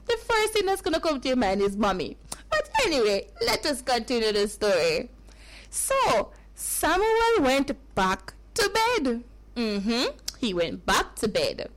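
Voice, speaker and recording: A woman tells a Bible story to children in a high, bouncing voice that rises and falls widely. She takes her time and often repeats a phrase to make it sink in. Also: rough recording.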